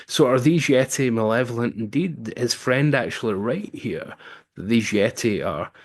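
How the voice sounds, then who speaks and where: A man's voice: medium pitch, expressive, moderate pace. A man casually recapping a film's plot as a reviewer, with wry asides and frequent um fillers. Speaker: film reviewer.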